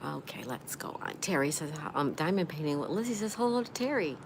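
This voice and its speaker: Speaking a little fast in a deep, animated voice, a woman runs a casual live stream. She reads out comments from viewers, says hello to each by name and gushes in reply, while the recording carries noisy ambience behind her.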